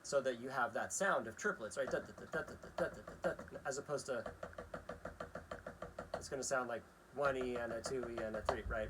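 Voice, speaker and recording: A man's voice: medium pitch, a little fast, very noisy. Chatty man teaching drum rhythms. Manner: relaxed, chatty, counts rhythms aloud. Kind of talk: casual demonstration lesson. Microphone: phone camera aimed at a practice pad.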